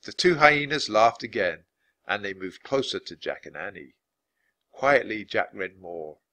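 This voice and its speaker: A man reading a children's book aloud, expressive and dropping low for narration. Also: unhurried. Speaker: storybook reader.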